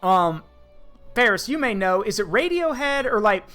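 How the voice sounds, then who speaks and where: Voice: medium pitch, lively intonation, moderate pace, a bit bright, soft background music. A streamer host in casual chat, telling a long story with lots of fillers and restarts. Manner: rambling, filler-heavy storytelling.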